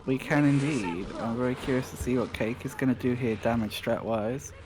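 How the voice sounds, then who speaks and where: A man's voice: mid-range voice, moderate pace, background noise. A man with a British accent giving live speedrun commentary, chatty and self-deprecating. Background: music.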